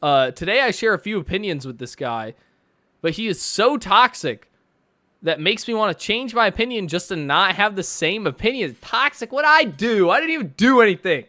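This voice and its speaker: A man's voice: high voice, sing-song, normal speed, sharp tone. A man streaming from his bedroom, reacting to posts with sarcastic, mocking commentary and frequent laughter.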